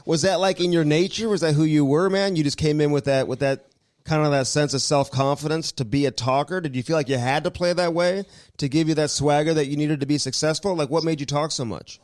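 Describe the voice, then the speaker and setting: Podcast host guy, chatty questions, slows down for the ad read, dry close sound. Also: a little high, fairly even intonation, darkish tone, no room sound. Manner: conversational, reads ad copy slowly and deliberately. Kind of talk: casual interview and live ad read.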